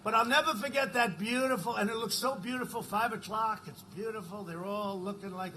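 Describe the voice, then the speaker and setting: A man's voice: high voice, fairly quick, bright, forceful tone, a little hiss or hum. A man addressing a campaign rally in a rambling, repetitive way, often checking in with the crowd. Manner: rambling, repetitive, keeps asking the crowd "right?". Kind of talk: rally speech.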